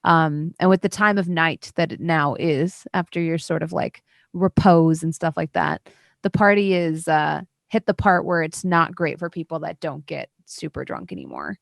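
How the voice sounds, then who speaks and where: A woman narrating a tabletop role-playing game as game master, in a loose, halting way with fillers and sarcastic asides. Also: deep voice, expressive, gravelly, no echo, studio quality.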